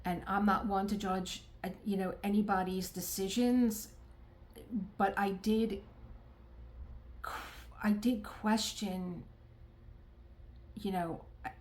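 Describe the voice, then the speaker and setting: A woman's voice: medium pitch, fairly even intonation, slow pace, long pauses, a little mellow. A middle-aged woman from the United States chatting to camera while she does a craft, rambling and heartfelt, with many restarts and quoted asides. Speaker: crafting vlogger. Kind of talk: casual talk to camera while diamond painting. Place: home art room.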